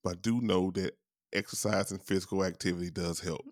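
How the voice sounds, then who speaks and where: A man's voice: sits low, fairly even intonation, fairly quick, no echo, clean studio sound. A young adult man hosting a podcast, chatting casually, laughing often and swearing freely as he tells stories. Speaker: podcast host. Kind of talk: casual chat.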